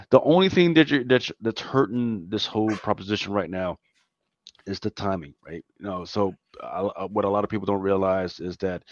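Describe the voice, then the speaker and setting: A man's voice: lowish voice, no room sound, muffled recording. A man from Philadelphia co-hosting a casual chat, talking loosely and emphatically, tossing in "man" and "right?" often. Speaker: podcast co-host.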